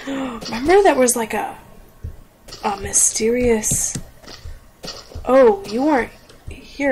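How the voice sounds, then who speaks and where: A woman's voice: a little high, unhurried, pauses often, a little mellow. A young woman hosting a casual gameplay video, rambling, joking and giggling as she plays at home. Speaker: gaming video host. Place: home room. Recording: noisy home recording.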